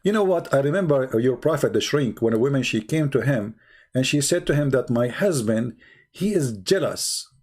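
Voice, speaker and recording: A man's voice: mid-range voice, a little fast, darkish tone. Man taunting a viewer on a livestream. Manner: mocking, taunting, argumentative; rhetorical questions, repetitive. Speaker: online debate host. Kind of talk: livestream commentary addressing viewers.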